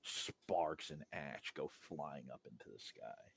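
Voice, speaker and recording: A man's voice: extremely low pitch, takes it slowly, creaky, very noisy. A man narrating a tabletop game as game master, in vivid, rambling descriptions full of fillers.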